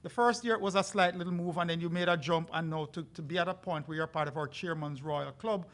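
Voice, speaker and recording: A man with a fairly high voice speaks as a resort brand representative on a live panel. His delivery is earnest and persuasive, like a sales pitch. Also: fast, fairly bright tone. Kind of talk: panel discussion.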